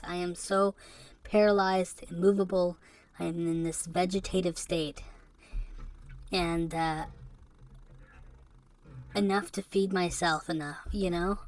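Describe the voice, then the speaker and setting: A woman talks alone into a podcast mic in a fairly low voice. She sounds depressed and subdued, and her confessional monologue is halting and rambling. Rueful laughs break up her sentences. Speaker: podcast host. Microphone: podcast microphone.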